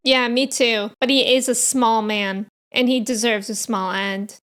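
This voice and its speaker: A woman hosting a reaction video, giving expressive commentary, gushing as a fan who is quick to outrage and tears. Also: a little high, smooth, faint music behind. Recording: show audio playing under her voice.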